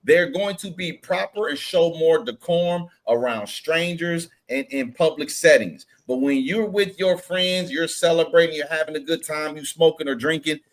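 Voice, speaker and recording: A man on a panel call making his point in an articulate, measured, questioning way. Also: on the high side. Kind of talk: panel debate.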